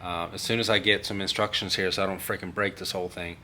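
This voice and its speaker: A man's voice: deep voice, fairly even intonation, quick pace, pushed and bright, slight background noise. A man casually narrating a do-it-yourself car repair as he works, chatty and muttering to himself. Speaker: car DIY vlogger. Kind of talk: casual how-to narration while working.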